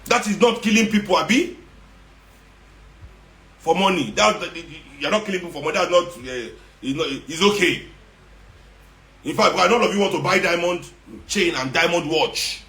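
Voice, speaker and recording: A man's voice: on the high side, lively intonation, moderate pace, a bit bright. A Nigerian man delivering an impassioned, confrontational monologue, sarcastic and repeating himself for emphasis, slipping into Nigerian Pidgin. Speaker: activist speaking to followers. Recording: roomy echo.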